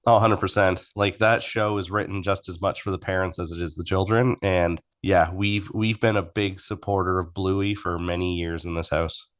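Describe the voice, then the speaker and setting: A man's voice: deep voice, fairly even intonation, normal speed, few pauses. A man co-hosting a faith podcast, chatting casually and trading jokes with his co-host. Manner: easygoing, jokey banter. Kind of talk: casual chat.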